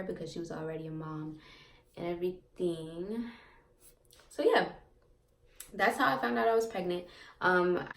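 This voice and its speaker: A woman's voice: on the low side, creaky, distant mic. A young woman vlogger casually telling a personal story to her viewers, chatty and rambling with lots of fillers and repeats. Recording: echoey room, off-mic.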